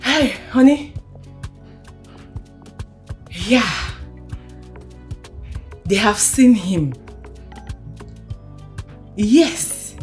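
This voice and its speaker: An actress playing an emotional parent who moves between whispered relief and pleading. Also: female voice, mid-range voice, darkish tone, lightly acted. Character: parent longing for a lost daughter, emotional.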